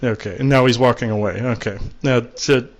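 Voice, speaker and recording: Man, mid-pitched voice, call-in show host, halting, relays messages. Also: steady tone. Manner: halting, many fillers and restarts, relays messages. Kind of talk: call-in spiritual talk show.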